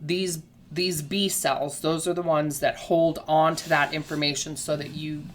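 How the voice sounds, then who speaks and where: A woman with a low voice explains a health topic at an unhurried pace. She teaches patiently, uses everyday comparisons and keeps checking that the listener is following. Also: fairly even intonation, slight background noise. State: has the hiccups. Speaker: health educator. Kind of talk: casual explanatory lesson.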